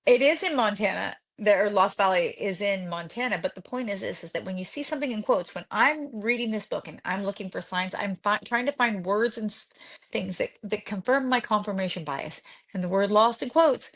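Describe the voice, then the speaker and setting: A woman in casual conversation, co-hosting a podcast about a book. Her talk is chatty and animated, with fillers and quick restarts. Her pitch sits in an ordinary middle range. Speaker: podcast co-host.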